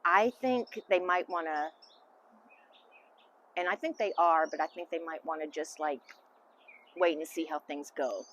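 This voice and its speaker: Candid woman, low-pitched and halting. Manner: candid, halting, emotional, trailing off into soft asides. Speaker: interviewee, mother of the interviewer. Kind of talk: casual family interview.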